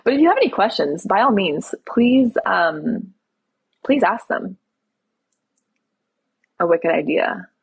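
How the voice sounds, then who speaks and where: A woman's voice: mid-range voice, very animated, slow pace, gravelly, long pauses, husky, dry recording, poor audio. A young woman from Toronto hosting a casual live stream, reading viewer questions aloud and answering them candidly. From Toronto, Canada. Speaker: livestream host.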